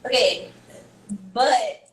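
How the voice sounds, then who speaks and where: A woman's voice: fairly high pitch, extremely slow, a bit bright, echoey room, slight background noise. A woman joining a casual podcast chat, blunt and laughing.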